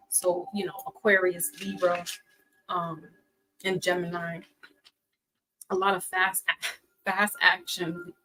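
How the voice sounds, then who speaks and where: A woman's voice: lowish voice, fairly bright tone, rough recording. A woman giving a casual tarot reading, chatty and teasing, laughing often as she talks. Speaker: tarot reader.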